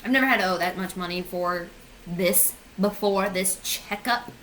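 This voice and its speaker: A woman's voice: mid-range voice, normal speed, fairly bright tone, a little hiss or hum, low-quality recording. A woman in her twenties ranting sarcastically on her vlog, swearing and mocking herself. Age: 20s. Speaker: vlogger. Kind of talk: casual comedic rant.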